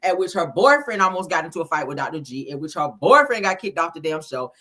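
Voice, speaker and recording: A woman hosting a reality-TV gossip channel, telling the story in a sassy, profane, animated way. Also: low voice, fast. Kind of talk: casual reality-TV gossip commentary.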